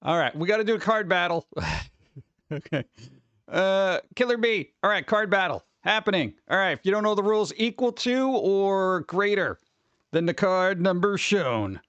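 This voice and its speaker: A man hosting a casual live stream, rambling excitedly and greeting chat members by name. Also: high-pitched, normal speed, clear, resonant tone, dry recording, dull audio. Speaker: livestream host.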